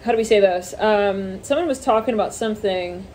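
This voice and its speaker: A woman's voice: mid-range voice, fairly quick, darkish tone, a little hiss or hum. A woman giving a casual tarot reading, rambling with many fillers and swearing offhandedly. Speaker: tarot reader.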